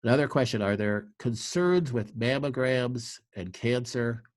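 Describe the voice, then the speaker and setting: A man's voice: mid-range voice, a little slow, no echo. A man, a clinic doctor, answering viewer questions in a live webinar, giving earnest, emphatic advice with frequent fillers.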